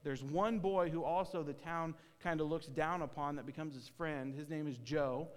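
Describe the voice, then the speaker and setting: Earnest male preacher, somewhat high voice, recorded with long room reverb. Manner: earnest storytelling with halting restarts. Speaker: pastor. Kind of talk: sermon. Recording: hall reverb.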